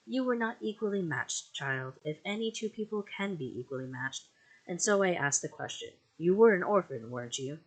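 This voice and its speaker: An audiobook reader voicing a stern, domineering older aunt who gives sharp, brisk commands. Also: medium pitch, animated. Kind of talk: audiobook character voice.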